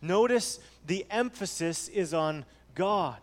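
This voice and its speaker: A man preaching a sermon earnestly, repeating key phrases and swinging between soft low passages and raised emphatic ones. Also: expressive, slow pace. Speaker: pastor. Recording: long hall reverb.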